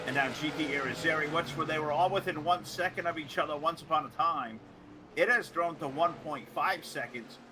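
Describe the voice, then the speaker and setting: A man's voice: fairly high pitch, noisy background. A man calling a sim truck race as commentator, with joking, sardonic banter. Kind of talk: play-by-play sim racing commentary.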